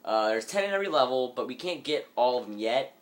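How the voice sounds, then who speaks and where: A man's voice: medium pitch, expressive, quick pace. A man giving rambling, jokey commentary over a video game, sometimes in a mock-businesslike tone, recorded on a phone microphone. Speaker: let's play gamer. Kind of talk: casual gameplay commentary.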